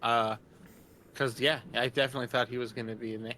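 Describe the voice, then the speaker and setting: A man's voice: mid-range voice, little pitch movement, fairly quick, pushed and bright, a little hiss or hum. A young man co-hosting a podcast, talking loosely and hesitantly with many "uh" fillers. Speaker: podcast co-host. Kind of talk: casual chat.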